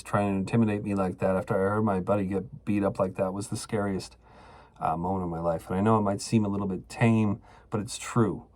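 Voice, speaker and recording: A man's voice: lowish voice, a little mellow. A man hosting a show, telling a personal story in a casual, profane, rambling way with lots of fillers. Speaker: podcast host.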